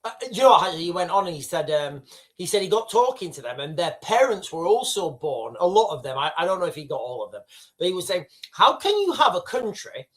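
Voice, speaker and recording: A man's voice: on the high side, expressive, a little fast. Rambling British man on a livestream. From United Kingdom. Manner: rambling, sidetracking, addresses chat directly. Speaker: livestream host. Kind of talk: casual livestream commentary.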